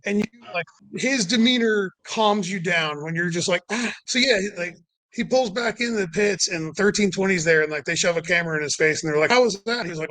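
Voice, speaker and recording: A man, a race car owner, telling stories casually in an interview, animated and full of "like" fillers, acting out quotes. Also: sits high, fairly quick, rough recording.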